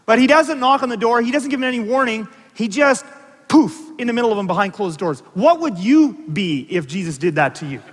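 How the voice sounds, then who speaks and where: High-voiced man preaching in a hall. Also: a little fast. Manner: animated storytelling with asides and audience questions. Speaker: pastor. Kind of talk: sermon.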